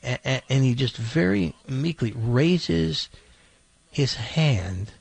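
A male radio show host telling a long joke in a casual, animated way, acting out the characters' lines. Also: mid-range voice, slow, gravelly, breathy edge, no room sound. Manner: animated storyteller, acts out shouting robber lines.

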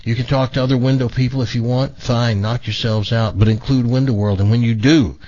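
A man's voice: medium pitch, a little fast, no room sound, highs cut off. A man hosting a talk radio show, joking with co-hosts and doing a folksy live read for a sponsor. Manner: folksy, joking, animated storyteller. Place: radio studio.

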